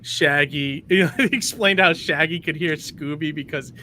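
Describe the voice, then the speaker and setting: A man hosting a casual interview, chatty and quick to laugh. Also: fairly high pitch, bright, forceful tone, slight background noise. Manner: laughs easily, loose and chatty. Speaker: podcast host.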